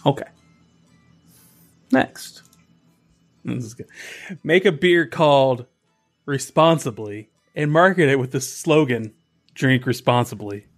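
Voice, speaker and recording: A man's voice: on the high side, takes it slowly, long pauses, faint music behind. A man co-hosting a comedy podcast, chatting loosely and joking. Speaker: podcast co-host. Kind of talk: casual comedy chat.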